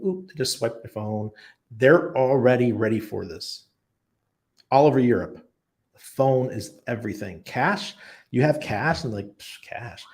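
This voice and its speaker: A middle-aged man hosting a livestream, answering viewer questions with blunt, animated opinions and stories. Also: mid-range voice. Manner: animated storytelling, blunt and emphatic. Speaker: crypto channel host.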